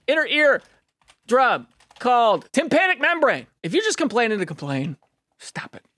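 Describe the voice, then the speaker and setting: A young man talks through comedic commentary in a high voice that leaps all over the place. He rambles, swears casually and stops to correct himself. The sound is dry and close to the mic, with no room around it. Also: big pitch swings, normal speed, pushed and bright, dry recording. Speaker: host reacting to online posts.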